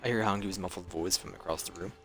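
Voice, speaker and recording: A man's voice: sits low, fast, a bit bright, faint music behind. A male streamer reading a story game aloud in earnest, with small slips he corrects as he goes.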